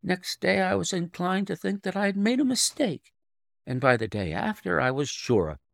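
A man reading an audiobook, voicing a young governess who tells her story in a proud, firm, measured way. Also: sits high, very animated, gravelly, a bit bright, no echo, studio quality, voice pushed up, heavily acted. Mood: earnest.

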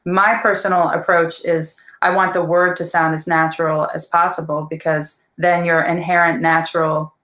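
A woman's voice: fairly low pitch, level tone, moderate pace, hardly any pauses, fairly bright tone, roomy sound, poor audio. A woman speaking as a voice teacher in a casual interview, earnest and thoughtful, with many fillers.

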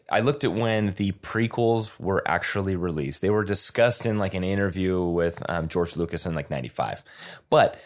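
A man co-hosting a podcast in casual chat, animated and halting, often restarting his sentences. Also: low-pitched. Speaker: podcast co-host.

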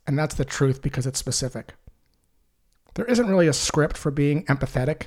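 A man teaching sales calls in a calm, measured way, acting out short sample lines. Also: medium pitch. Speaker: sales trainer. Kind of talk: instructional voice-over.

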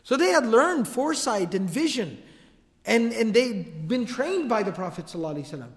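A man telling a historical story as a lecture, in a casual, lively way with slangy asides. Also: extremely high pitch, brisk. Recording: long hall reverb.

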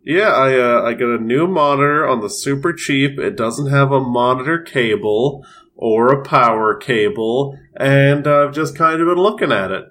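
Deadpan podcast co-host man. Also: mid-range voice, moderate pace. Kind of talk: casual podcast banter.

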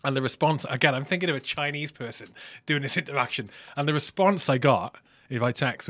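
A man hosting a casual interview, animated and telling stories, sometimes swearing and mimicking with loud exclamations. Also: mid-range voice, brisk, few pauses, dry recording. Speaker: podcast host.

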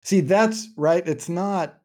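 A man's voice: high voice, takes it slowly, dark tone. A man co-hosting a book podcast, playfully mock-defiant, with hesitant restarts. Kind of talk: casual book-club chat.

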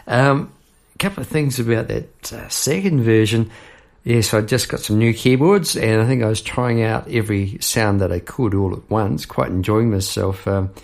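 A man's voice: on the low side, normal speed, vocal fry, darkish tone. A middle-aged man, hosting a podcast about his songwriting in a rambling, chuckling way. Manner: rambling, chuckling, with frequent fillers and asides. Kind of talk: reflective casual talk.

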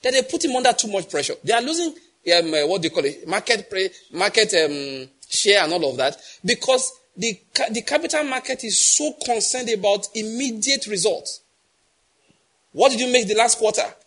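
A man's voice: high-pitched, lively intonation, moderate pace, hardly any pauses, a bit bright. A middle-aged man with a Nigerian accent preaching a sermon, emphatic and quizzing the congregation with repeated questions. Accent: Nigerian English. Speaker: pastor.

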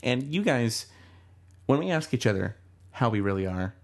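A man's voice: mid-range voice, expressive, normal speed, creaky. A man co-hosting a podcast, talking casually and candidly, often restarting his sentences. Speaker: podcast co-host. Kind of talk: casual chat.

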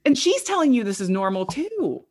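A woman co-hosting a true-crime podcast, talking in a thoughtful, measured way. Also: on the high side, sing-song, darkish tone, husky. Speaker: podcast co-host producer. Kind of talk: conversational true-crime discussion.

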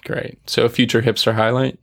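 A man co-hosting a game podcast, bantering in a wry, deadpan way during casual chat. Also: mid-range voice, a little fast, gravelly. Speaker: podcast co-host.

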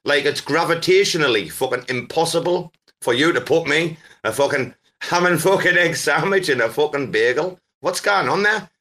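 A man hosting a casual chat, teasing and swearing, breaking into loud laughs. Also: a little high, expressive, normal speed, few pauses. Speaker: host.

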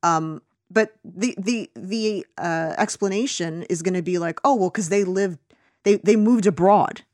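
An American woman with a fairly low, darkish voice speaks unhurriedly, co-hosting a podcast and ranting casually about a film with plenty of fillers and restarts. It's studio-quality audio with no echo.

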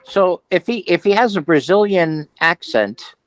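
A man co-hosting a podcast in casual chat, talking in halting, restarting sentences. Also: high voice, animated, no echo, low-quality recording. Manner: hesitant, restarts and trailing thoughts. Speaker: podcast co-host.

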